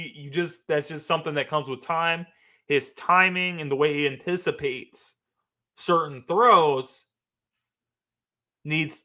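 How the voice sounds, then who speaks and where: A man talks through his opinions in an unscripted monologue, pressing his points by repeating them. His voice sits a little high for a man, with a bright, forceful edge. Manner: animated, emphatic, repeats phrases. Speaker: sports podcast host. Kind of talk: casual opinion commentary.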